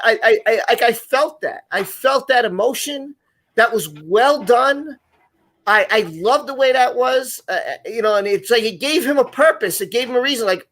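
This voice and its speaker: A man's voice: very high voice, expressive, moderate pace, fairly bright tone. A man hosting a live online show, talking casually and rambling with many restarts and repeated words. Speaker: podcast host.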